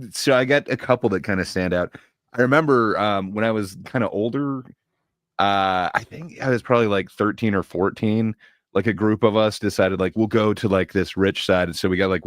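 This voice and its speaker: Brief: male podcast co-host, very low voice, relaxed and rambling, dry sound. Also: fairly quick, no echo. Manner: relaxed, rambling, many fillers and asides. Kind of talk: casual chat.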